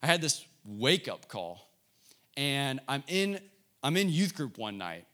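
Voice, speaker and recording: A man's voice: medium pitch, sing-song, slow, bright, forceful tone. A young man in his twenties, a youth pastor giving an earnest sermon, telling a personal story to students.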